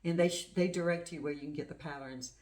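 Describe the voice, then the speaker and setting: Chatty woman with a low voice. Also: steady tone, fast, darkish tone. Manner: chatty and rambling, gushing over small things. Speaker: craft channel host. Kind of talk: casual show-and-tell chat.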